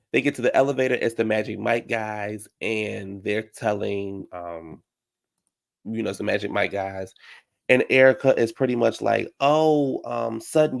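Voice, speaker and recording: A man giving a casual, sassy recap of a reality show, slipping into high mocking voices to act out what people said. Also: vocal fry. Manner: dramatic, sassy, slangy, acts out quotes in high mocking voices.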